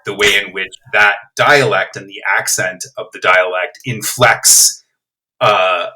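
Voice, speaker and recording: A man's voice: deep voice, steady tone, a little slow, bright, forceful tone, poor audio. A man guesting on a podcast, thinking aloud about language in an enthusiastic, reflective way. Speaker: guest, playwright. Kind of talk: casual podcast discussion.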